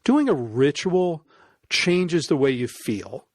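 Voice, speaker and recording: A man, a podcast guest, telling an animated story in casual conversation, laughing often. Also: fairly high pitch, slow pace, no echo. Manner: animated, laughs often, acts out quoted voices.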